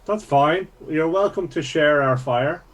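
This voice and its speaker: A man's voice: on the high side, measured pace. A man playing a tabletop game, speaking casually and dryly in and out of character. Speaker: player.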